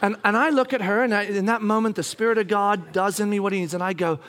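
High, bright, animated preacher man. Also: quick pace. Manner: animated, acts out scenes, bursts into shouting. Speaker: pastor. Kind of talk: sermon storytelling.

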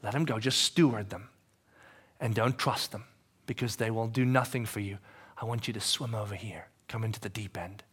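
A man voicing Jesus as a calm, reassuring adult man, speaking softly and low, at times almost in a whisper. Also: breathy edge. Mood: pleading. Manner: hushed, soft, slow, sometimes whispered.

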